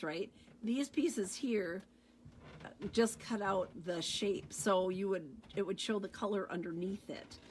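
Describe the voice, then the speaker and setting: Gushing, slow-talking craft demonstrator woman. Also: mid-range voice, darkish tone, slight background noise. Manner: gushing, chatty, repeats praise. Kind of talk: casual product show-and-tell.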